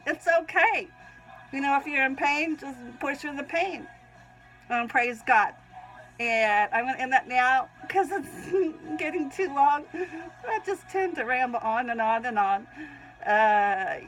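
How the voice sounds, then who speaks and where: Slow, sneezy, giggly Southern woman. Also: high voice, animated, a bit bright, soft background music, low-quality recording. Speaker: Christian vlogger. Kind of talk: reading her own writing aloud.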